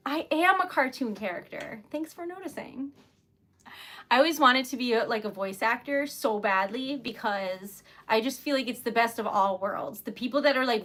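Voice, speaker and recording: A woman's voice: sits high, fairly bright tone. A young woman from Rhode Island hosting a casual livestream, flustered and giggly, stammering a little as she chats. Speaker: livestream host.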